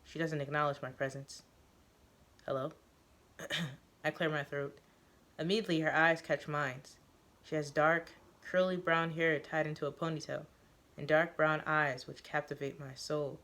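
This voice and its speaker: A woman reading a first-person story aloud, halting now and then with fillers and self-corrections. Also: sits low, fairly even intonation, a bit bright. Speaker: reader of a story.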